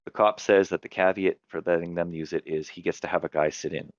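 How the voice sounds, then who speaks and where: A man with a very low voice recaps his tabletop game in a relaxed, rambling way, stopping now and then to correct himself. The recording is dull and lo-fi, in a dry room with no echo. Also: fast. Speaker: game master and podcast host. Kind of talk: casual chat about tabletop games.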